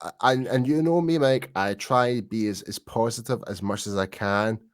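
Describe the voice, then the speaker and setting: A man's voice: fairly low pitch, normal speed, no room sound, clean studio sound. A man co-hosting a sports podcast in casual chat, chatty and self-deprecating, laughing easily. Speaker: podcast co-host.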